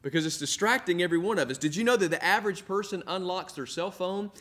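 A middle-aged man preaching with a voice pitched a little above the usual male range. He builds his points through repetition, leans on key words by drawing them out, and speaks as if addressing viewers directly through the camera from an indoor room. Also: fairly bright tone. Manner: earnest preaching with emphatic repetition, slowing for stress. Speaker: pastor. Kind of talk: sermon. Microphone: filmed for online viewers.

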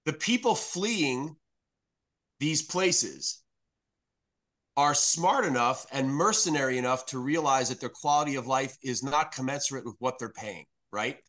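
A man's voice: mid-range voice, a little slow, fairly bright tone. A man from New York City, a guest on a podcast, talking bluntly and animatedly about politics, with plenty of swearing. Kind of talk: casual political chat.

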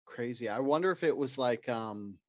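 A man's voice: medium pitch, expressive, normal speed, no echo. Joking man, dull dry audio. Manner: crude, joking storyteller who puts on voices. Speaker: podcast co-host. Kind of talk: casual podcast banter.

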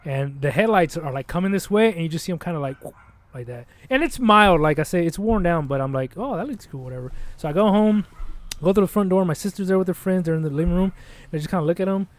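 Fast-talking young man telling a story. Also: sits high. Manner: rambling, profane, animated, acts out quotes. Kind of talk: casual storytelling chat.

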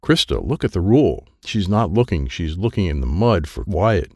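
A man's voice: low voice, very animated, moderate pace, no echo, studio quality. A man reading a children's book aloud in first person, in plain short sentences. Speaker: audiobook narrator.

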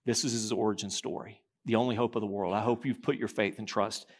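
A man preaching a sermon as pastor, reading quotations aloud, slowing and dropping low at key lines. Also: steady tone, slightly rough.

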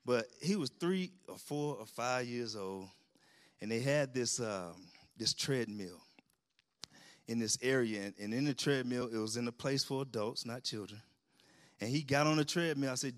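A middle-aged man preaching a sermon in a church, lively and colloquial, laughing with the congregation and calling out amens. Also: mid-range voice, moderate pace. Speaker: pastor. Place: church sanctuary.

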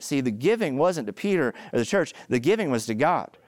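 A middle-aged male pastor preaching a sermon, telling stories with animated, emphatic delivery that climbs to loud peaks. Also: on the high side, brisk, few pauses, dry recording.

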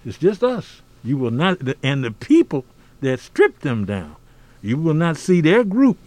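A man's voice: fairly high pitch, wildly swooping pitch, unhurried, darkish tone, no room sound. An older man from the United States giving a podcast interview, talking emphatically and preacherly, often adding "see?". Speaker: podcast guest. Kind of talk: conversational interview.

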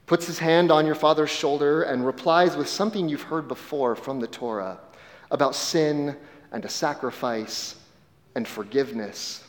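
Guy preaching a sermon as a story, goes quiet and slow at the big moments, long echo from a big church room. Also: fairly high pitch. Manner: vivid storyteller, dropping soft and slow at key moments. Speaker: pastor. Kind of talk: sermon told as second-person story. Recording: long reverb of a large hall.

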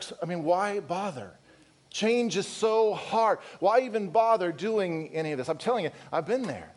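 A male pastor delivers a sermon in a high-pitched, slightly mellow voice, driving his point home emphatically with strings of rhetorical questions. Again and again he turns to his listeners with candid, conversational asides.

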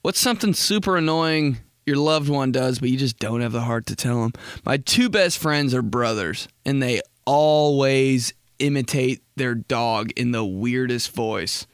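A man's voice: mid-range voice, measured pace, hardly any pauses, smooth, no room sound, clean studio sound. A man hosting a podcast, telling stories in a casual, profane, rambling way. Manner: profane, rambling, animated storytelling. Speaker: podcast host. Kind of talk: casual comedic monologue.

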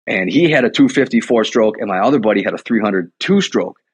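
A man's voice: on the low side, lively intonation, a little fast, slightly rough, no room sound. A man from Milwaukee, a combat sports coach, rambling through a casual chat with lots of "like" and "you know". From Milwaukee, USA. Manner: rambling storyteller, heavy use of "like" and "you know". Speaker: boxing and Muay Thai coach, guest.

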